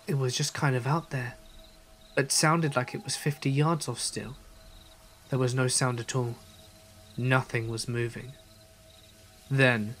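Male horror narrator, measured delivery, slows down for the creepy bits, mid-pitched. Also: fairly bright tone, slight background noise.

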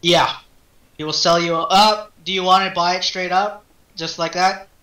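A young man running a tabletop game as game master, animated and quick to laugh. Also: high-pitched. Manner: animated, laughs easily, repeats rulings. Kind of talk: casual tabletop game narration. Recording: roomy echo.

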